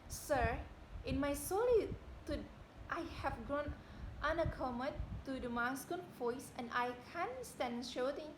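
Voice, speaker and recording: Young woman playing a haughty high-voiced widow. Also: a little slow, a little hiss or hum. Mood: cool refusal. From Indonesia. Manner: declamatory, rising to indignant shouting. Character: proud young widow, haughty and quick to anger. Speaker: student actor. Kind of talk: amateur stage drama reading. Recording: echoey room.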